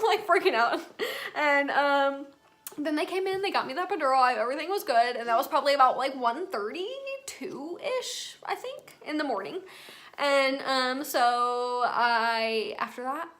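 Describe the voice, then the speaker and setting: A young woman tells a personal story straight to her viewers, calling them y'all. Her voice sits high and sounds bright and forward. She keeps the delivery loose, casual and talkative. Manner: chatty, addresses viewers as y'all. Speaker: vlogger.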